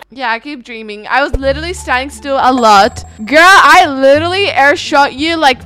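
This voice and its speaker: A woman's voice: high-pitched, sharp tone. A woman hosting a gaming video, giving playful, teasing let's-play commentary and reading the chat aloud.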